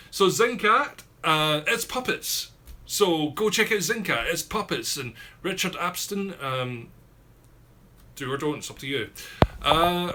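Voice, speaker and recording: A man's voice: a little high, bright, forceful tone. A man with a southwest Scottish accent from near Glasgow, hosting a casual live-stream chat and reading out viewers' comments, with lots of fillers and repeated words. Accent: Scottish, southwest coast near Glasgow. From Scotland.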